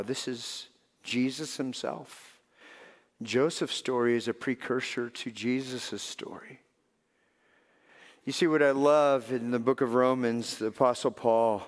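Guy preaching a sermon, loud then real quiet, echoey church sound. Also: mid-range voice. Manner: dynamic preaching, swings from loud emphatic to soft and hushed. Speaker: pastor. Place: church sanctuary. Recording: long reverb of a large hall.

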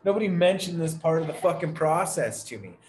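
A man's voice: on the high side, expressive, a little fast, a little mellow. A man on a podcast telling a long, profane, frustrated story in casual chat. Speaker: podcast co-host. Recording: echoey room with faint background noise.

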